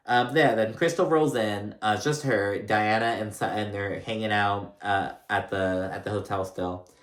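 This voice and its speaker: A man's voice: on the low side, steady tone, moderate pace, a bit bright, reverberant. A man recapping a reality show in a casual, rambling, sassy way, full of fillers. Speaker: recap host.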